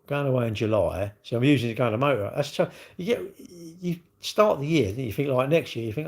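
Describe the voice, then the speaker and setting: A man's voice: mid-range voice, animated, quick pace, darkish tone. A man, rambling in casual livestream chat and answering viewers' comments with lots of tag questions. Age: 60s. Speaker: livestream host.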